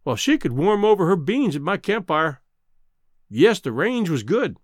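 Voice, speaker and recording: Guy putting on a loud brash cowboy rancher, drawly slangy, high and lively. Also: moderate pace, no echo, studio quality. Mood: boisterous.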